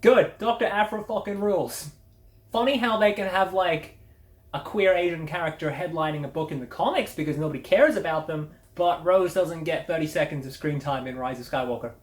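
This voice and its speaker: A woman's voice: sits low, brisk. A woman hosting a casual media review, blunt, sardonic and full of swearing. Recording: roomy echo.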